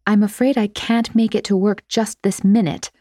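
A woman's voice: mid-range voice, fairly even intonation, moderate pace, dark tone, dry recording, studio quality, pitched above the performer's own voice, close to an everyday voice. Narrator's prim, overly polite young woman. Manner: formal, precise, polite.

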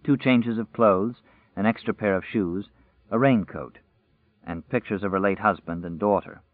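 A man narrating a novel in a measured, even storyteller's voice, pitched a little low. The sound is dead dry. It has a narrow, tinny band like a phone line. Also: no room sound. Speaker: audiobook narrator.

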